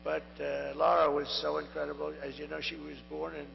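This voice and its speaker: An older man with a strained, hoarse voice gives a rambling, repetitive rally speech into a podium microphone at a large venue. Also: fairly high pitch, completely flat delivery, fairly quick. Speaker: political candidate. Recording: echoey lo-fi venue sound with mains hum.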